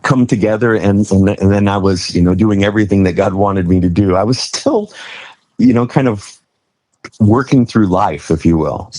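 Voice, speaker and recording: A man's voice: lowish voice, normal speed, dark tone, dry recording. A middle-aged man, a pastor, sharing his personal testimony in an earnest, conversational way during an interview.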